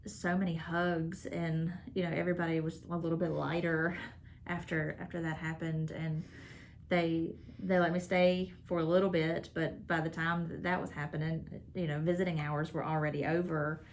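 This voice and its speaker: A woman talks through a hard memory in a relaxed sit-down, stopping and restarting often. Her voice sits low, with a gravelly edge and little rise and fall. A faint hiss of background noise runs under her. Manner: halting, many fillers and restarts. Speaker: wife telling family story. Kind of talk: casual sit-down storytelling.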